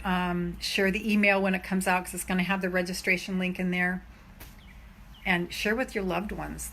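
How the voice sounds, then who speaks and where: A woman's voice: fairly low pitch, fairly bright tone. Woman, self-love coach, live stream pep talk, emphatic, chatty, filler-heavy.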